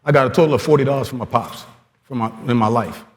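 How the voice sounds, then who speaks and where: A man in his forties giving an animated storytelling talk at a coaching conference, acting out quoted dialogue as he goes. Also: medium pitch, quick pace. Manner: lively storyteller who acts out quoted dialogue. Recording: long hall reverb.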